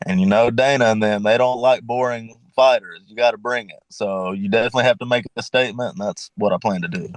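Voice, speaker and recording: A man's voice: medium pitch, fast talker, few pauses, dry recording. A man with a Louisiana Southern accent, a fighter answering interview questions in a confident, laid-back way.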